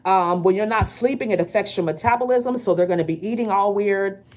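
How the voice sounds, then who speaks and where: A woman talks through a spiritual card reading in a casual, conversational way. She is frank and profane, and she keeps checking in with her listener. Her voice sits at an ordinary, mid pitch for a woman. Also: a little fast, background noise. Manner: blunt and profane, with frequent check-ins to the listener.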